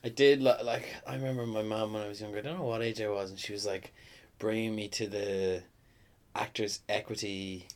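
A man chatting casually on a podcast, relaxed and hesitant with many fillers. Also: lowish voice, a little fast. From Ireland. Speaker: podcast co-host. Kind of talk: casual chat.

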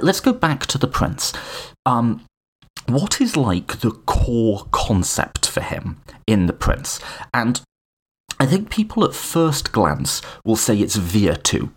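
Animated man, slightly husky, lecturing casually. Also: lowish voice. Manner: animated, self-correcting, informal asides. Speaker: lecturer on political philosophy.

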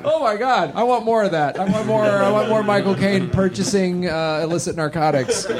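A man hosting a live comedy podcast on stage, playful and teasing, riffing with his guests. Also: high voice. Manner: playful, teasing, quick to riff. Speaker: podcast host. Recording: live club crowd and noise.

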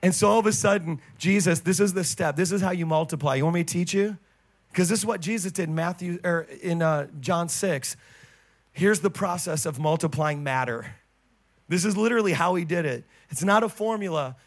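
A man preaching a sermon as pastor, fervent, breaking into loud exclamations between quick, chatty asides. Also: sits high.

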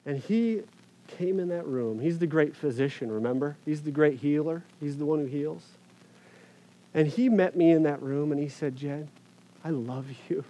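A man who is a pastor, giving a personal faith testimony to an audience in an earnest, halting way, often repeating words and pausing on fillers. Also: fairly high pitch, mellow, low-quality recording.

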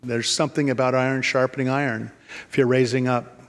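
A man's voice: mid-range voice, flat delivery, fairly quick. A man in his fifties or older, a pastor preaching a sermon and telling a personal story, often restarting and repeating words. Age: 50s or older. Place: church sanctuary. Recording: reverberant church hall.

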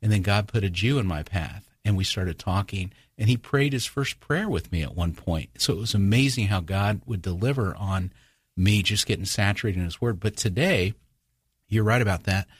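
A man in a relaxed faith conversation, telling stories with frequent restarts and quoting others in lifted voices. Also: fairly low pitch, normal speed, slightly rough, dry recording, studio quality. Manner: storytelling, many restarts, acts out quoted voices.

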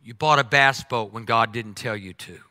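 Bright-voiced animated male preacher. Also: medium pitch, normal speed, no room sound. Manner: animated, swinging from loud exclamations to quiet asides. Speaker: pastor. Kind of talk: humorous sermon.

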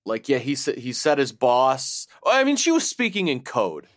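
A man with a mid-range voice co-hosts a casual podcast chat. He is agreeable and laughs often. He pauses on uhs while he thinks. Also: medium pitch, huge pitch swings, a bit bright, no echo, clean studio sound. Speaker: podcast co-host.

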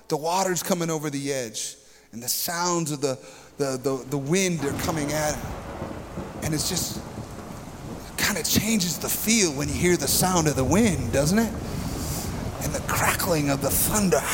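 A man preaching from a church stage, his voice set a little high for a man. He tells the story with drama and builds to emphatic peaks. The sound carries a long hall reverb. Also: moderate pace, noisy background. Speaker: pastor. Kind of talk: sermon.

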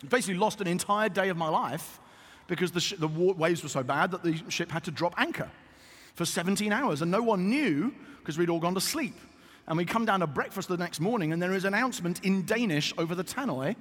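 A man preaching a sermon to a congregation, telling stories with animated asides. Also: high voice, fairly quick. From Britain. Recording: long reverb in a hall.

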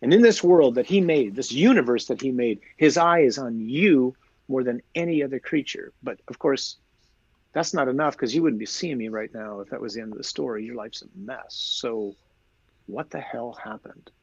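Man, priest, husky voice, dry dull lo-fi sound, animated teaching. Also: medium pitch, normal speed, no echo. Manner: animated storyteller, rhetorical questions. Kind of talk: conversational teaching.

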